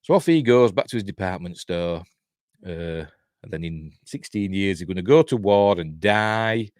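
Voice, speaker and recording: A man with a Yorkshire accent talks through a film in a casual, rambling review full of chuckling asides. His voice sits on the low side. The recording is close and dry. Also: lively intonation, normal speed, a little mellow, no room sound.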